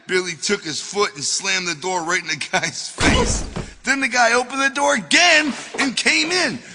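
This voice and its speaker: A man narrating his own memoir in a loose, swearing storytelling manner. His voice is bright and a little high for a man, and a long reverb trails behind it. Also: lively intonation, normal speed. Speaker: author reading his memoir. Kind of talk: audiobook narration.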